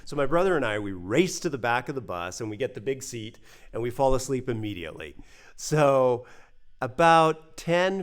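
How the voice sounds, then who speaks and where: Animated American man telling a story. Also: mid-range voice. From United States. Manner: animated, acts out quoted voices, many fillers. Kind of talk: casual spoken storytelling.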